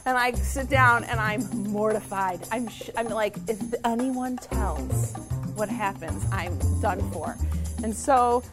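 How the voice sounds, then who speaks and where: A woman teacher telling a personal story in a lively, self-mocking way. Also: a little high, slow pace, music in the background.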